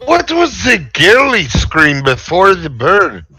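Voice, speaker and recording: Playful, bright-voiced man player. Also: high voice, huge pitch swings, takes it slowly, breathy edge. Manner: playful, joking. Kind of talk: tabletop game banter.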